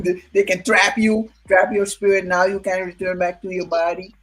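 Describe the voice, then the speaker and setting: A person in a relaxed chat, musing aloud with many hums and small laughs. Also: medium pitch, normal speed, rough recording. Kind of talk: casual chat.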